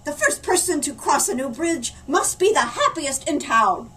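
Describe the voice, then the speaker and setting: A woman's voice: high voice, big pitch swings, normal speed, a bit bright, voice pushed up. A woman doing a snappish cackling old crone. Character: sharp-tongued cackling old village woman. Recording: distant mic, faint room hum.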